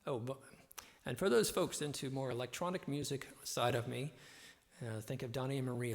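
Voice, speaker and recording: Host: man, rambling, filler-heavy, gravelly voice, heavy reverb on the audio. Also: mid-range voice, a little fast. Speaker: host and musician. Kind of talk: live-stream show chat.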